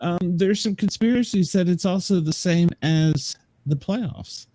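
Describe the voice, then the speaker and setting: A man's voice: sits high, unhurried, mellow, dry recording, poor audio. A man hosting a sports podcast in casual chat, dropping dry, teasing jokes. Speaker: podcast host and business manager.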